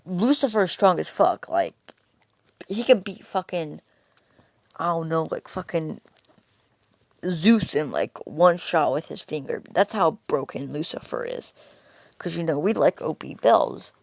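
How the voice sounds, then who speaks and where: A woman's voice: deep voice, sing-song, measured pace, vocal fry, no room sound. A woman casually telling a fan story, rambling and swearing, filling gaps with "you know".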